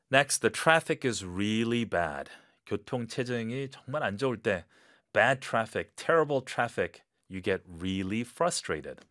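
A man's voice: lowish voice, very animated, very fast, a bit bright, no echo, clean studio sound. A man teaching English phrases in a bilingual lesson, acting out reactions and spelling words letter by letter.

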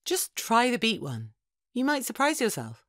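A woman's voice: on the high side, wildly swooping pitch, normal speed, fairly bright tone, no room sound, studio quality. A woman voicing an upbeat friend who coaxes and teases in a scripted textbook dialogue. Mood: coaxing. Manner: teasing, persuasive. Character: upbeat female friend pushing salad.

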